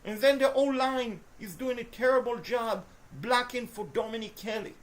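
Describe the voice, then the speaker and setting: A woman commentating her own video game play, swinging between frustrated groans and shouted cheers, talking to the players and to her viewers. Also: a little high, normal speed. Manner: talks to the players and to viewers as folks. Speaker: gaming video host. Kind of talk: live gameplay commentary.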